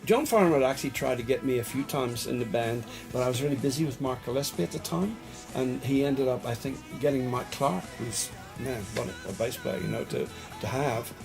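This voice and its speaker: Middle-aged Australian male, gravelly, chatty anecdotal storyteller, mid pitch. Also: a little fast, over music. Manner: rambling anecdotal storyteller, laughs often, acts out quotes. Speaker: guest musician, bass player. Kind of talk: casual storytelling interview.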